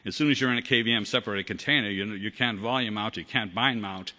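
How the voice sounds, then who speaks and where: A man's voice: on the low side, fast talker, pushed and bright, dull audio. A man with a Boston accent giving a casual technical conference talk, rambling with frequent ums and restarts. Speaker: conference speaker. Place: conference hall.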